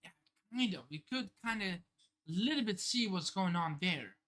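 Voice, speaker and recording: A man reading a manga chapter aloud on a live stream, reacting with excited outbursts and casual swearing. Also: high-pitched, moderate pace.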